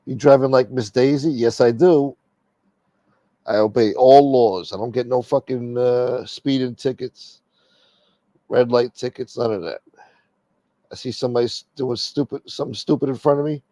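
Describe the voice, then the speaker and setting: Male livestream host, mid-pitched, blunt and foul-mouthed, streetwise banter, dry close sound. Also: mellow, no echo. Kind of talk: casual livestream chat.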